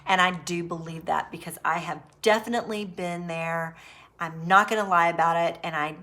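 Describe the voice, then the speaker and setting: A woman with a bright, clear voice talks through her personal views on a recovery channel. She speaks earnestly and at length, circling back on herself as she reflects. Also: lowish voice, fairly even intonation, normal speed. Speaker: narcissistic abuse recovery channel host. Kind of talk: personal opinion commentary.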